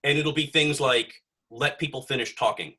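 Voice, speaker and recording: A man's voice: mid-range voice, moderate pace, bright, forceful tone, slightly rough. A young man hosting a podcast, chatting casually and rambling with lots of fillers and swearing. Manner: rambling, profane, filler-heavy. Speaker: podcast host.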